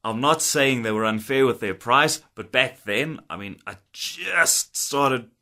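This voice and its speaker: A chatty man in his thirties tells stories from his work as a guitar technician, laughing often and acting out old conversations. His voice is bright and forceful, with an easy, casual delivery to the camera. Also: medium pitch, measured pace.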